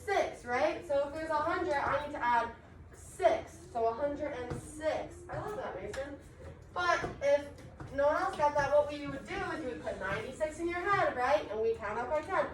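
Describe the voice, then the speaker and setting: High-voiced upbeat young woman teacher. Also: expressive, normal speed, distant mic. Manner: upbeat, encouraging, explains step by step. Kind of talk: classroom teaching. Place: classroom. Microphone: far camera. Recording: echoey classroom recorded from afar, background noise.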